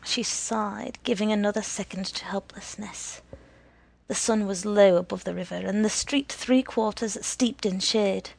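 Slow, husky woman reading a story. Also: medium pitch, fairly even intonation, darkish tone, dry recording. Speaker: narrator.

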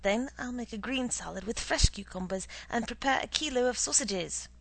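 A woman's voice: a little high, lively intonation, normal speed, vocal fry, pitched above the performer's own voice, rough recording. A woman reading the part of a worried, indignant middle-aged wife who pleads with her husband.

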